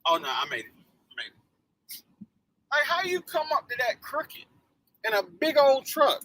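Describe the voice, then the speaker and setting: A man hosting a motivational live stream in casual chat, animated and joking, laughing often. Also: extremely high pitch, a little slow, pauses often, poor audio.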